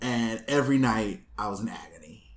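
A man hosting a casual chat, telling a long story with lively asides and laughs, recorded in his apartment. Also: fairly low pitch, a little fast. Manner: animated storyteller, acts out voices, laughs often. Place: small apartment room. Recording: echoey room.

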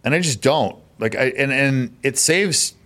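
A man's voice: mid-range voice, lively intonation, a little slow, fairly bright tone. A man in his thirties, a podcast guest, telling stories in a laid-back, casual way and swearing often. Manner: laid-back, profane storytelling. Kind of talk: casual chat.

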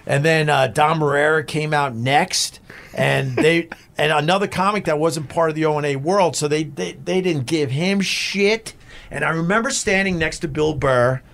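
A man's voice: a little high, normal speed, creaky, a bit bright. Middle-aged man telling a profane story. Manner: profane, rambling, with restarts. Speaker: guest, former radio host. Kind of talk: casual storytelling.

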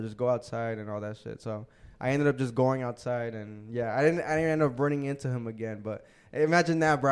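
A man's voice: medium pitch, clean tone. A young adult man hosting a casual podcast, telling a bar story in loose slang with lots of swearing. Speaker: podcast host. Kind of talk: casual chat.

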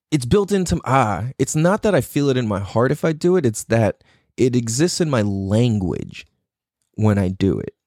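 A man's voice: mid-range voice, a little mellow, no echo, clean studio sound. A man talking in a casual, reflective monologue, loose and profane, full of "like" and "you know".

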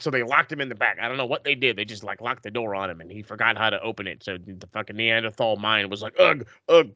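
A man co-hosting a wrestling podcast in casual chat, animated and profane, acting out quotes with big jumps in pitch. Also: dry recording, lo-fi sound.

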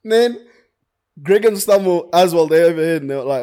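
A young man with a South African accent telling a long, animated story in casual chat, slangy and swearing freely. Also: a little high, brisk, clear, resonant tone.

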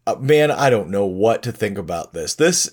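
In a relaxed music review chat on his podcast, a male co-host chuckles his way through discussing songs. He speaks at a moderate pace in a lowish, expressive voice.

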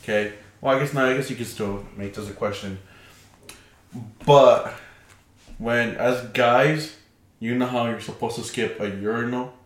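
A man's voice: mid-range voice, unhurried, long pauses. A young man who co-hosts a podcast, telling stories in a loose, profane, laughing way. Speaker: podcast co-host. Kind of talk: casual chat. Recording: roomy echoey room.

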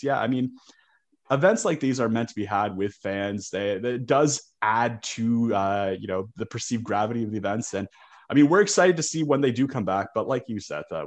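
A man co-hosting a sports podcast, talking casually and often stumbling over the first words of his sentences. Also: mid-range voice. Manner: talkative, repeats words when starting sentences. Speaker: podcast co-host.

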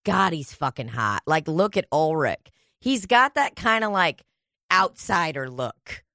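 A woman's voice: low-pitched, sing-song, unhurried, bright, forceful tone, no echo, studio quality. A woman co-hosting a podcast, in rambling casual chat full of swearing. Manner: crude, rambling, swears a lot. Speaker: podcast co-host.

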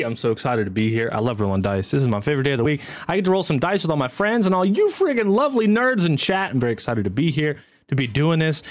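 A man narrating as game master of a streamed tabletop game, energetic and chatty, swinging into excited whoops. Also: medium pitch, dry recording.

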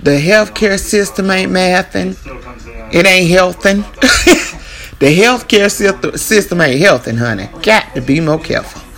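Gravelly woman ranting casually. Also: on the low side, normal speed, fairly bright tone. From Texas. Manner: emphatic, repeats "you know what I'm saying". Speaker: podcast host. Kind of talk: casual opinion monologue.

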